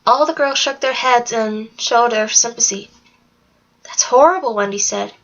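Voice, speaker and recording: A woman with a fairly high voice reads a children's fantasy novel aloud. Her delivery is steady and plain, with the occasional small slip. The recording is dull and lo-fi. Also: normal speed. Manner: steady, plain storytelling read with small slips. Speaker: narrator. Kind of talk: read-aloud book narration.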